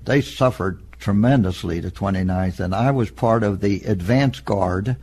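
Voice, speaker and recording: An elderly man in an oral history interview, recalling past events in a plain, matter-of-fact storytelling way with a husky voice. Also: fairly low pitch, moderate pace, darkish tone. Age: older. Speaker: interviewee, veteran.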